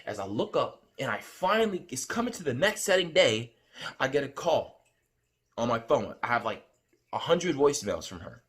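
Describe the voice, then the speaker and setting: A man's voice: sing-song, normal speed, fairly bright tone. A man telling about a dream in casual spoken storytelling, earnest and rambling, repeating himself. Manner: hums a tune with rising pitch. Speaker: vlogger recounting a dream.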